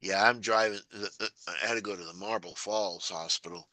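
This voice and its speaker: Bright-voiced Texan man on a video call. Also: fairly even intonation, normal speed, no room sound. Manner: rambling storyteller, mimics people in a high voice. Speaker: meeting participant. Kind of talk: casual chat on a video call.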